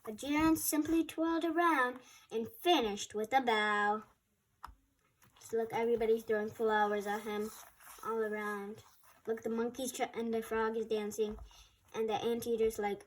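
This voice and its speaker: A woman storyteller reading a rhyming picture book aloud, lively and casual, adding her own remarks between verses. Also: on the high side, normal speed, a little hiss or hum.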